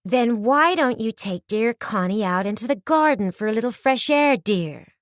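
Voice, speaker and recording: A woman voicing a fussy, matchmaking society mother who speaks in a lowered, simpering, trilling manner. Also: animated, normal speed, no echo, clean studio sound, close to an everyday voice. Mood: scheming.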